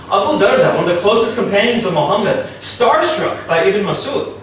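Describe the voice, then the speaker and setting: A man giving a formal debate speech, arguing and citing sources one after another, with his pitch jumping up on key points. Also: lively intonation, fairly bright tone, a little hiss or hum. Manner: argumentative, citing sources in quick succession. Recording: echoey hall, distant mic.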